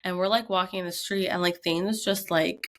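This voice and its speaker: A fairly low-pitched woman talks at normal speed, a podcast co-host in her thirties. She tells a tense family story in a casual conversation, animated throughout and performing the quoted parts.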